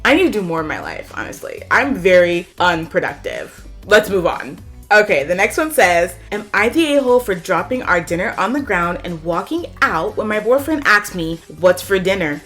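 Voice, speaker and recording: A woman reading online posts aloud and reacting to them, with animated, sassy outbursts and big jumps in pitch. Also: normal speed, faint music behind. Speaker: YouTuber.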